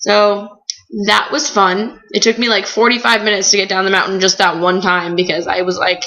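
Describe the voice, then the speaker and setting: Young woman vlogger, chatty storyteller, bright tone, dull lo-fi recording. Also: medium pitch, normal speed. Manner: chatty, animated storytelling with frequent "like". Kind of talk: casual chat.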